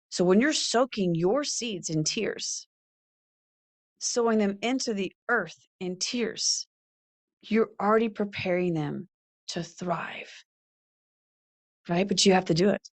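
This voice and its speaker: Earnest middle-aged woman, faith podcast host, slow and deliberate, reflective delivery. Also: mid-range voice. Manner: earnest, preacherly, reads scripture aloud. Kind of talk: faith-based motivational talk.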